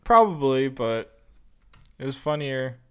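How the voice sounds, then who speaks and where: A man's voice: mid-range voice, big pitch swings, slow, fairly bright tone, smooth. A young man co-hosting a casual movie review chat, rambling a little and acting out quotes in funny voices. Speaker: podcast co-host.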